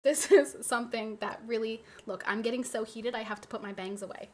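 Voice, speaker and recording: A young adult woman streaming and chatting with her viewers, ranting in an animated way and swearing freely. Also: on the high side, fairly quick, a little hiss or hum. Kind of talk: casual livestream chat.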